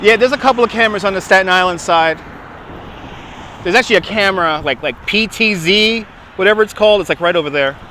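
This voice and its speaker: A man's voice: sits high, fast talker, pushed and bright, slight background noise. A man hosting a casual livestream outdoors, chatting and answering viewers' comments as he walks, filmed on a phone held on a gimbal. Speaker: livestream host. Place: outdoors on a city waterfront. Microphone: phone on a handheld gimbal.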